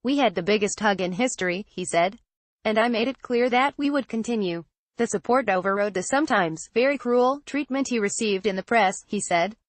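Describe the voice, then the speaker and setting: A woman narrating a news feature, her delivery measured and even as she reads quoted remarks without changing voice. Her pitch sits in an ordinary middle range, and the recording is close and dry with no room sound. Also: no echo. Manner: even, measured read-through of an article, quotes in the same voice. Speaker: news reader.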